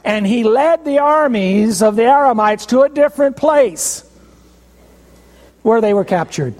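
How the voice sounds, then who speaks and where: A man preaches a sermon in a high voice, retelling a story with emphatic stresses and dramatic pauses. His words carry a long reverb, as in a large hall. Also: expressive, darkish tone.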